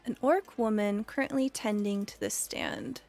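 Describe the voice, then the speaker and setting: A woman's voice: mid-range voice, measured pace, creaky, a little mellow, soft background music. A woman running a tabletop game as game master, describing the scene to her players. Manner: descriptive, scene-setting narration.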